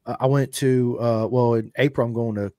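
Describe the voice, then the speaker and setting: In a casual interview chat, a middle-aged podcast host talks like an excited fan, rambling with enthusiasm. He has a mid-range, dark voice with a steady tone and moderate pace, recorded at studio quality with no echo.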